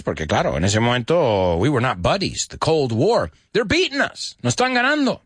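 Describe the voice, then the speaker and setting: This is a man hosting a casual radio lesson. He is chatty and animated, explains expressions and repeats the key words. His pitch rises and falls a lot, and the sound is dry and close, with no room echo. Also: fairly quick, few pauses, husky. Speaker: radio host and English teacher.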